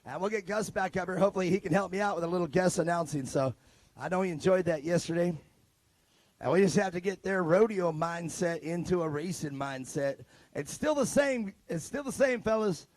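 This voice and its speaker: A man's voice: high-pitched, brisk, darkish tone, dry recording. A man doing live trackside announcing at an outdoor race, joking and chatting with drivers and crews into a handheld mic.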